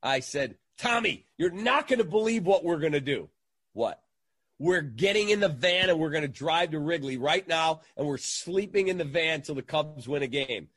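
A man with a slightly husky, fairly high voice tells a story in a casual interview. He acts out each quote with lively energy and keeps the tale rolling. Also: normal speed, few pauses, no echo. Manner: animated anecdote teller, acts out quotes. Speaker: guest, sports radio entertainer.

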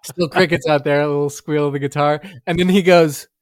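A man's voice: on the high side, steady tone, fairly quick, no echo, clean studio sound. A man telling a rambling anecdote as a podcast guest, full of filler words and laughing as he goes. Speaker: musician guest. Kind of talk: casual podcast storytelling.

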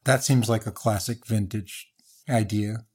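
A man's voice: lowish voice, steady tone, measured pace, darkish tone, breathy edge. A man hosting an interview, asking curious, probing questions and rephrasing them as he goes. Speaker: interview host.

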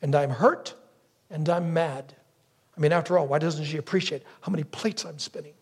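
A man preaching a sermon, telling a story with lively asides and acting out brief voices. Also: on the high side, moderate pace, husky. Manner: storytelling, acts out wife's lines and crow caws. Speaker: pastor.

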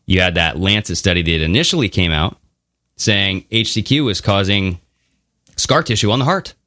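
Male podcast co-host, low and sharp-toned, animated casual delivery, dry studio sound. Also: normal speed, no room sound. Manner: animated, swearing, mocking voices. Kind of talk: casual conversational podcast talk.

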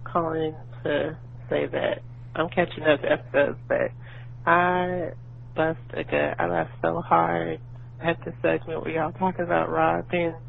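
A woman leaving a giggly, animated voicemail. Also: low voice, measured pace, creaky. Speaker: caller. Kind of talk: voicemail message. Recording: dull lo-fi phone line with hum.

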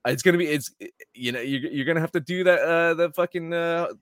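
A man co-hosting a sports betting show, talking in a halting, stammering way with casual swearing. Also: a little high, a bit bright, dry recording, studio quality. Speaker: sports betting podcast co-host. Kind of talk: casual betting picks chat.

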